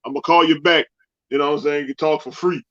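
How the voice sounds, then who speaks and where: Man, high voice, playful co-host, muffled lo-fi audio. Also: quick pace. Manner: joking, animated, laughs often. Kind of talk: casual show banter. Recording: dull lo-fi sound.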